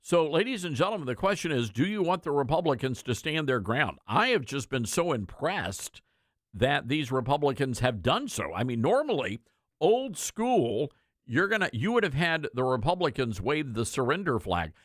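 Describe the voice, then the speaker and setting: A man's voice: mid-range voice, sing-song, normal speed, fairly bright tone, no echo, clean studio sound. A man hosting a political talk radio show, commenting in a folksy, sarcastic, conversational way.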